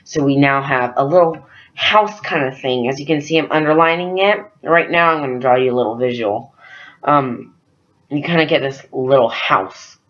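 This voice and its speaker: A young man tutoring French verbs in a loose, chatty way, filling pauses with ums and uhs. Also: medium pitch, a bit bright. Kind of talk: casual screen-recorded lesson. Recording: dull lo-fi screen recording.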